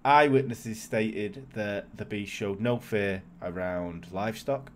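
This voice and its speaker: A man's voice: low-pitched, slight background noise. A man, co-hosting a podcast and telling a history story in a loose, jokey way. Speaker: podcast co-host. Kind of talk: casual storytelling chat.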